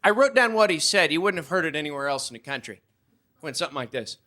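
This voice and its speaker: A man's voice: on the high side, quick pace. A young man doing a live stand-up routine on a comedy club stage, acting out the people in his stories. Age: young adult. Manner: animated storytelling, acting out voices. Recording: noisy live stage recording.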